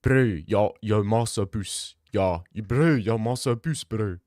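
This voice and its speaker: A man's voice: lowish voice, measured pace, a little mellow, no echo, studio quality, lightly acted. A man putting on a South African accent to voice a brash young South African man, with blunt, swaggering talk. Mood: joking. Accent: put-on South African.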